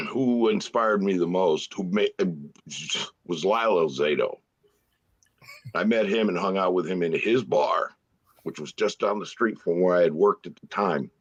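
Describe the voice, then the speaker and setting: A man's voice: deep voice, dry recording, dull audio. A laid-back man telling a story as a guest on a fan roundtable, laughing as he goes. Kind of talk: casual storytelling.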